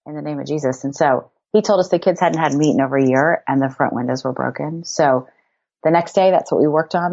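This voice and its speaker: A woman's voice: rumbling low, darkish tone, highs cut off. A middle-aged woman from Cincinnati, a ministry leader telling her story in a podcast interview and acting out quoted lines.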